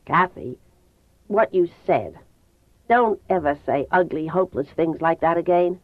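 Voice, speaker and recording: A woman reading an audiobook voices an earnest, protective teenage boy in a lowered, hushed voice. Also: expressive, measured pace, no echo. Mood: gentle, urging. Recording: tinny phone-like dry sound.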